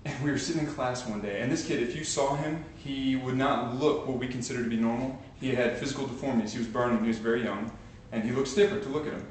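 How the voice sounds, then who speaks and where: Speaking fast with hardly any pauses, the man keeps a medium pitch and a fairly even intonation. As a motivational speaker before a live group in a big room, he tells stories and works up to fired-up exhortation. A far camcorder picks up the echo, plus a little hiss or hum.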